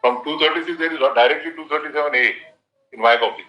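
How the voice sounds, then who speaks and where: A man presiding as a judge, brisk and directive, often cutting in with questions. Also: a little high, bright, forceful tone, a little hiss or hum. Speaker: judge on the bench. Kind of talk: courtroom questioning. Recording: roomy courtroom sound.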